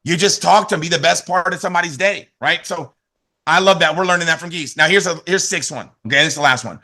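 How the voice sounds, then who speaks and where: A man giving an energetic motivational training talk to his team over a video call, with lots of repetition and "right?" tags. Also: on the high side, fast talker.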